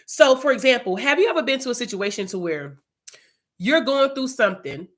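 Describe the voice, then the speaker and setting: A woman's voice: on the high side, expressive, fairly quick. A young woman leading an informal Bible study, chatty and casual, telling personal testimony.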